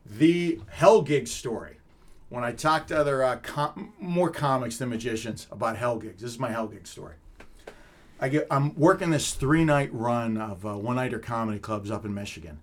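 A middle-aged man, a comedic magician, telling animated stories in an interview and laughing often. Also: mid-range voice, normal speed. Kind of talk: casual storytelling in an interview.

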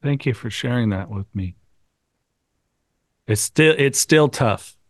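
A man's voice: mid-range voice, lively intonation, slow pace, no echo, clean studio sound. A man hosting a podcast in casual chat, enthusiastic and stumbling over his words. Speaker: podcast host.

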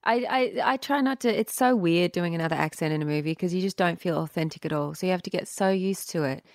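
An Australian actress talking candidly as a podcast guest, laughing easily. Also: female voice, on the low side, fast talker, no room sound, studio quality. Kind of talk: casual interview chat.

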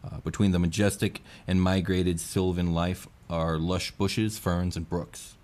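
A man with a very low, deep voice runs a tabletop game as game master. He narrates scenery in detail and drops in casual fillers as he goes. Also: steady tone, measured pace, darkish tone.

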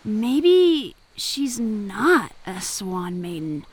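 A woman's voice: medium pitch, very animated, drawn-out words, breathy edge, exaggerated voice. A woman voicing a gloomy young swan maiden in a fantasy audio drama, sulky and sighing, given to frustrated outbursts. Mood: wondering. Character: gloomy young swan maiden who resents their fate.

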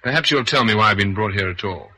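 An actor playing a calm, dry-witted detective held captive, in a vintage radio drama. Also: male voice, lowish voice, fast talker, slight background noise. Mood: wry. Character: wry captive male detective.

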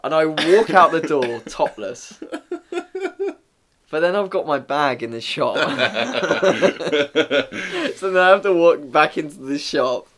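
A man's voice: a little high, lively intonation, slow pace, fairly bright tone. A young man from England chats casually, telling a story full of swearing. He slips in and out of changed voices to play the people in it. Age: young adult. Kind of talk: casual chat.

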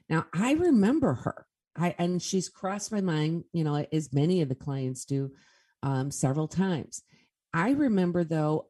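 A woman's voice: low voice, mellow. A woman speaking as a guest medium in a casual interview, telling stories in an earnest way.

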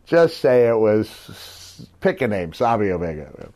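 A man's voice: lowish voice, very animated, normal speed, a little mellow. A middle-aged man co-hosting a podcast, telling old stories in casual chat and laughing often as he goes. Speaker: podcast co-host, former wrestler.

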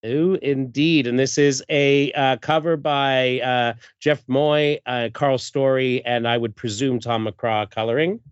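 A man with a clear, resonant mid-range voice speaks unhurriedly with few pauses as he hosts a podcast. He casually recaps a comic issue and reads the credits, using plenty of fillers. The recording is dull, lo-fi, and dry with no echo.

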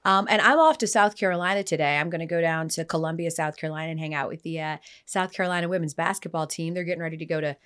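A woman hosting a casual podcast, telling stories with lively energy and acting out the people in them. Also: low-pitched, rapid-fire, few pauses, clean tone. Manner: animated storyteller, voices the people in her stories. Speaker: podcast host.

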